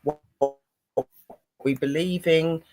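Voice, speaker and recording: A host opening an online talk show, slowly introducing a co-host and guests. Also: female voice, low-pitched, fairly even intonation, a little mellow, faint music behind.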